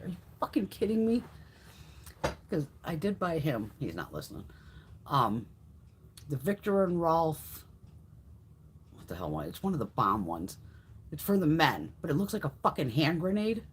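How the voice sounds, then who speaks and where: A woman's voice: mid-range voice, very animated, moderate pace, husky. A woman hosting a casual live-stream chat, brash and profane, telling stories with frequent laughs. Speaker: livestream host.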